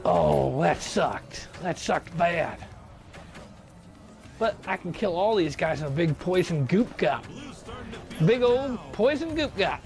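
A man's voice: high voice, big pitch swings, takes it slowly, creaky, pauses often, darkish tone, full character voice. A man impersonating a touchy, self-assured older male statesman, rambling through comedic gaming commentary in character. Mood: chatty. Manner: rambling, muttering to himself while picking cards.

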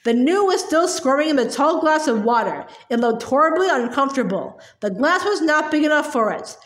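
High-voiced woman reading a storybook. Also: normal speed. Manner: expressive, with occasional stumbles and repeats. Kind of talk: reading a children's novel aloud. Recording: echoey room.

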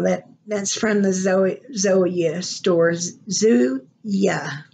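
Woman vlogger with an Oklahoma accent; slow, easygoing, rambling delivery with frequent laughs. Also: lowish voice, a little hiss or hum. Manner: chatty, rambling, laughs often. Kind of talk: casual unboxing vlog.

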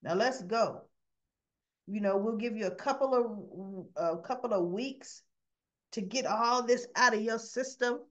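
A woman's voice: fairly high pitch, a little slow, a bit bright. A stern controlling father, as a woman retells it.

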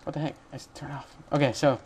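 Speaking quickly in a darkish mid-range voice with little pitch movement, this young tutorial host rambles through a casual screen-recorded coding lesson. He keeps correcting himself and chats with small laughs, and there's slight background noise.

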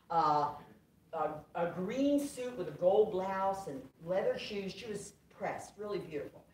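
An older woman giving a humorous personal testimony at a conference, an animated storyteller who acts out the people in her story. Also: mid-range voice. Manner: animated storyteller acting out quotes. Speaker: conference speaker. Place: large conference hall. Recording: roomy hall, distant mic, loud audience. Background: audience laughter.

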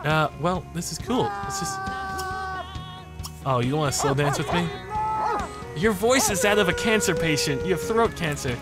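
A man hosting a let's play video, excitable and joking, swearing freely and jumping between muttering and yelping. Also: a little high, normal speed. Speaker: gaming channel host. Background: game music.

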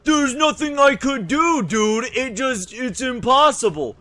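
A man's voice: very high voice, animated, measured pace, sharp tone, no room sound. A young man giving frustrated let's play commentary, swearing a lot and muttering to himself as he plays. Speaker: gaming YouTuber.

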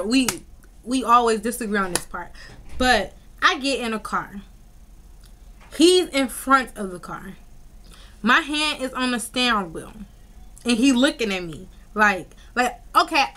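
Animated young woman telling a story. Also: a little high. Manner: animated, slangy storytelling full of "like" and "y'all". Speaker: vlogger. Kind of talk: casual storytime vlog.

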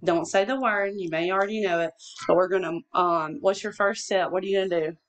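A woman's voice: lowish voice, fairly even intonation, fairly quick. A woman tutoring one-on-one, patiently prompting with questions and short praise as she walks through syllable rules. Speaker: teacher. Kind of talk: one-on-one reading lesson.

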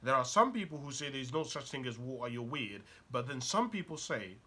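Husky, animated male coach. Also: mid-range voice, brisk, few pauses. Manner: rhetorical questions, emphatic storytelling. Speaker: life coach. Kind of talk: motivational monologue.

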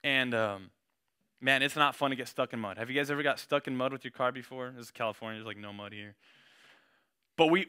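Bright slangy young male preacher. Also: mid-range voice, smooth. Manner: slangy and conversational, reads scripture with rising intensity. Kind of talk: casual sermon.

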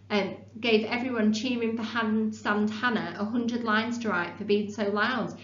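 Woman, teacher, steady read-aloud, classroom, echoey, dull sound. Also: mid-range voice, a little hiss or hum. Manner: steady storybook reading, with brief explanations. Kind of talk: reading a children's novel aloud to a class. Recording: roomy room, dull lo-fi sound.

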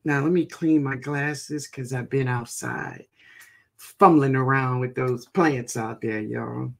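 Slow, gravelly New woman. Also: a bass voice, steady tone. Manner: greets chat viewers by name, chatty and laughing. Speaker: gardening live stream host. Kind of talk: casual live stream chat.

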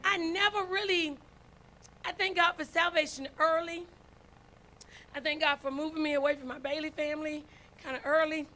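A woman's voice: high-pitched, steady tone, normal speed, pauses often, pushed and bright. A woman preaching a sermon, folksy and storytelling, calling out to her congregation. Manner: folksy, storytelling, calls out to congregation with "y'all" and "right?". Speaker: first lady preacher.

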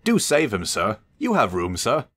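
A man's voice: on the low side, wildly swooping pitch, a little slow, no room sound, voice pushed up, full character voice. A man voicing a kind, anxious male steam engine in a storybook reading, speaking earnestly and pleadingly.

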